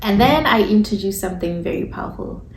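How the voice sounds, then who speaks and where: A woman's voice: mid-range voice, expressive, brisk, a little hiss or hum. Candid woman telling her story, echoey room. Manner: candid and conversational, informal phrasing. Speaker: esthetician sharing a faith testimony. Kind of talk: personal testimony, casual storytelling.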